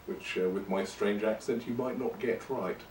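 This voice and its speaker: Lowish guy rambling through a podcast, joking at his own expense, kinda far from the mic. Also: normal speed, darkish tone, slight background noise. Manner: rambling and self-deprecating. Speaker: podcast host. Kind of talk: casual monologue. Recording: roomy and distant from the mic.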